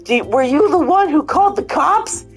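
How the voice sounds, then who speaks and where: A short-fused, foul-mouthed cartoon plumber shouts and swears in a pitched-up voice, as a woman puts him on. He can switch to a sugary politeness in a blink. Soft music plays faintly underneath. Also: animated, normal speed. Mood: angry. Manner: raging, swearing, then fake-polite.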